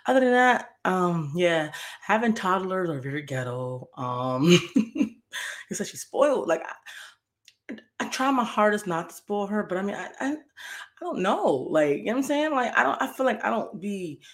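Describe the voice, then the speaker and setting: A woman's voice: mid-range voice, big pitch swings, normal speed. A young woman hosting a podcast, telling a story in a heated, profane, repetitive rant. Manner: heated, profane, repeats herself. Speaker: podcast host.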